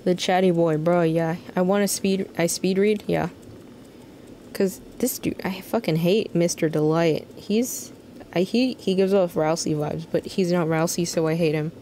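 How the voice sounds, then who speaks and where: A woman's voice: fairly low pitch, fairly even intonation, unhurried, warm tone, slight background noise. An American woman rambling and swearing casually as she streams a game and answers her chat. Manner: rambling, chatty, swears freely, reads chat aloud. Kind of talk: casual live-stream commentary.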